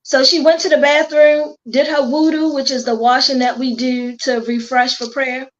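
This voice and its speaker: High-pitched baltimore woman, chatty, acts out quotes, kinda muffled lo-fi sound. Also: moderate pace. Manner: animated storyteller, quotes herself and others. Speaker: guest, hair stylist. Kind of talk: casual chat.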